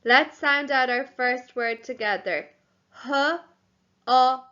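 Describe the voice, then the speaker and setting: Bright slow-spoken woman teacher. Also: sits high. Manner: slow, clear, sounding out words for young children. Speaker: primary school teacher. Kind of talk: recorded home-learning lesson. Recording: slightly dull, lo-fi audio.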